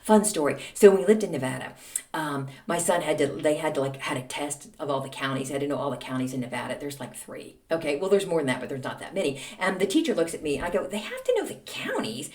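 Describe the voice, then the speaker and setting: A woman hosting a podcast, telling a long story in a chatty, animated way with lots of fillers and acted-out dialogue. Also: low-pitched, fast talker. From Texas. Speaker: podcast host. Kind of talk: casual storytelling monologue. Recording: roomy, a little distant from the mic.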